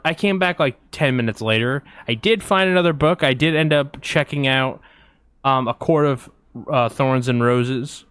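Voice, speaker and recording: Podcast guy telling a long rambly story, kinda high smooth voice, lots of likes and ums, dry close mic. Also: no echo. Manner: rambling, animated anecdote with many fillers. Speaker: podcast co-host. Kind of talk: casual storytelling chat.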